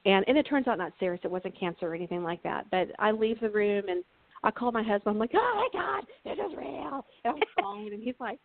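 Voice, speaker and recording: A woman from Texas, appearing as a guest author, tells funny personal stories in a casual chat and laughs often. She talks fast at a medium pitch, over a dry, tinny, phone-like line.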